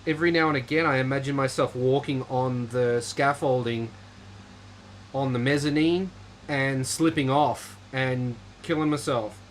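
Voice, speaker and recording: A man's voice: mid-range voice, slight background noise, low-quality recording. A man hosting a casual livestream chat, rambling in a dry, offhand way while reading viewer comments. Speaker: livestream host.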